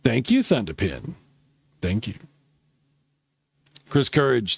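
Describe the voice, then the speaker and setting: A man's voice: fairly high pitch, big pitch swings, slow pace, creaky, pauses often, fairly bright tone, breathy edge, no room sound. A man hosting a casual live gaming stream, chatting and reacting to viewer comments while he plays. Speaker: livestream host.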